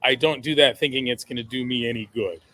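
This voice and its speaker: A man's voice: medium pitch, fairly even intonation, fast, sharp tone. A man speaking as a podcast guest in a blunt, emphatic way, swearing freely. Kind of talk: conversational interview.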